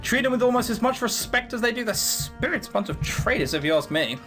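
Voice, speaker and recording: A man's voice: extremely high pitch, expressive, a little fast, pushed and bright, soft background music, pitched above the performer's own voice, exaggerated voice. A man doing a stiff proud warrior. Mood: solemn. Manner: stiff, formal speech. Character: proud formal male warrior, old clan elder.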